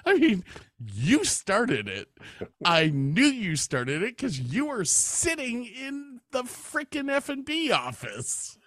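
A podcast host tells stories in a casual chat, laughing a lot, swearing freely, and acting out the voices of the people in his anecdotes. His voice is very high-pitched and a bit bright, with huge pitch swings and a slow pace. The studio mic gives a clean sound with no echo.

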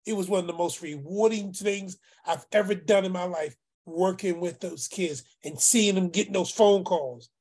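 Gravelly, husky man telling a story. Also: sits high, moderate pace, few pauses. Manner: emotional, animated, acts out dialogue. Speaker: group call participant, former youth worker. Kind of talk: heartfelt storytelling among friends.

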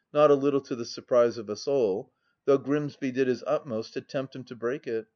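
A man narrating a classic novel as an audiobook, reading in a measured, even way. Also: medium pitch, lo-fi sound.

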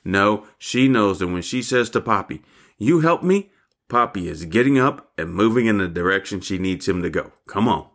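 Older man preaching with fervor, low voice. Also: normal speed, hardly any pauses, fairly bright tone. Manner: fervent, repeats calls of "family" and "hallelujah". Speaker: pastor. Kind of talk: devotional sermon.

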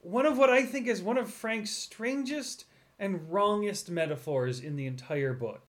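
A man co-hosting a podcast, chatting casually about a book and acting out people's lines in quick asides. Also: high voice, crowd noise. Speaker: podcast co-host. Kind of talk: casual book-club chat.

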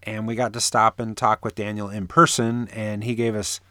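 A man's voice: fairly low pitch, flat delivery, normal speed, bright, forceful tone, no echo. A man co-hosting a casual podcast, joking and rambling with many restarts. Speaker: podcast co-host. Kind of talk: casual chat.

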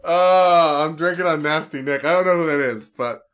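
A man with a fairly high, bright voice drops short, dry remarks into a relaxed chat between podcast co-hosts. His tone stays easygoing throughout. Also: normal speed, smooth. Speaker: podcast co-host. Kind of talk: casual chat.

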